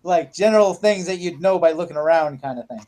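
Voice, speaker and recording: A man narrating a tabletop game as dungeon master, halting, with many fillers and restarts. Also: a little high, a little mellow.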